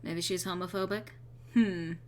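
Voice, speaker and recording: A woman's voice: fairly low pitch, steady tone, moderate pace, darkish tone. A woman streaming a game, chatting casually with playful, rambling asides. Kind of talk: casual gameplay commentary.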